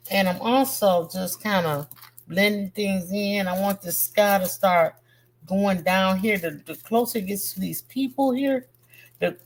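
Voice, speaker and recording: Woman, art teacher, live painting lesson stream, chatty, encouraging, slangy friendly banter. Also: mid-range voice. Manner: chatty, encouraging, talks straight to viewers; warm slangy banter with chat.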